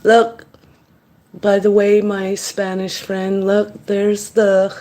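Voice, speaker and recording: Woman vlogger, half-whispered casual chat while eating; slow, rambling delivery. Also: mid-range voice, monotone, a little mellow. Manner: slow, chatty, drifting between whisper and voice. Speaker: mukbang vlogger.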